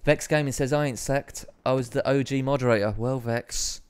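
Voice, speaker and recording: This streamer's voice is clear and resonant, mid-range, with fairly even intonation and a moderate pace. He's an Essex man in his thirties, chatting through a game, reading chat aloud, swearing, and running himself down.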